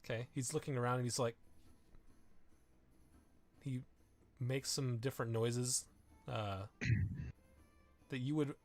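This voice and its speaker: A man's voice: mid-range voice, fairly even intonation, creaky, a little mellow, faint music behind. A man narrating as game master of a tabletop game, improvising descriptions with frequent restarts and fillers. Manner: improvising, halting with many restarts.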